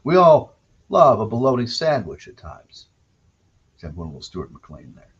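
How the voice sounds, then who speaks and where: A man's voice: mid-range voice, sing-song, moderate pace, slightly rough. A man from Canada hosting a solo podcast, telling rambling, digressive anecdotes with wry self-corrections. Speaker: podcast host. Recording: dull lo-fi recording.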